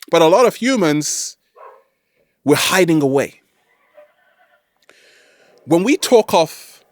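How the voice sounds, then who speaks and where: A man hosting a self-help video, giving an animated, playful motivational talk to camera. He keeps asking "right?" and throws in jokey catchphrase asides. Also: medium pitch, no room sound, studio quality.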